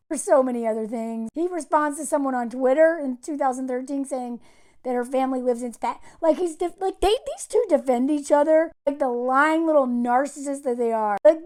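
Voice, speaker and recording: A woman's voice: high voice, darkish tone. A woman giving casual, sarcastic video commentary, exasperated and mocking as she talks. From United States. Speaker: commentary vlogger.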